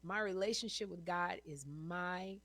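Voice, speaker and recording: A woman's voice: on the low side, measured pace, a bit bright. A woman in her fifties, a guest in a casual interview, telling stories animatedly, acting out quotes and laughing often. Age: 50s.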